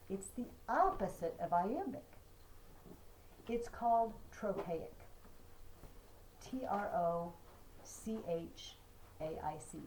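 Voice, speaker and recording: A woman's voice: fairly low pitch, a little slow, warm tone, slight background noise, rough recording. A woman teacher giving a chatty classroom lesson, chanting poetry rhythms aloud. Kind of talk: classroom lecture.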